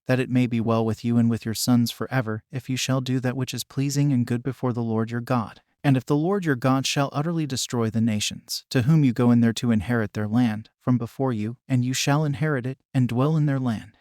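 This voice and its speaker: A man reading scripture aloud as an audiobook, in a steady, measured way. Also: mid-range voice, dry recording, studio quality. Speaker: scripture reader.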